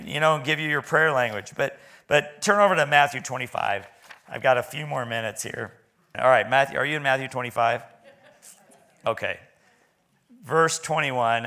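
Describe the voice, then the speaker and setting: A man's voice: medium pitch, bright, forceful tone. A man preaching a sermon in a church, talking in a folksy, conversational way with stammering restarts.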